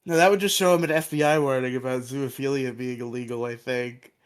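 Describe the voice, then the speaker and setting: A man of middle pitch co-hosts a laid-back podcast. He recaps episodes with jokes and digs at himself. He argues his points with firm insistence. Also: fairly even intonation, fairly quick, clear, resonant tone. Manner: joking, insistent, self-mocking. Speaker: podcast co-host.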